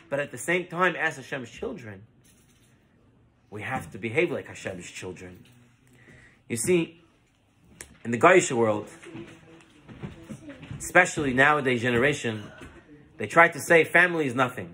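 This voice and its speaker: Animated rabbi, high lively man's voice. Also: slight background noise. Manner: animated, mixes Hebrew terms into English. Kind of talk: Torah lesson with storytelling.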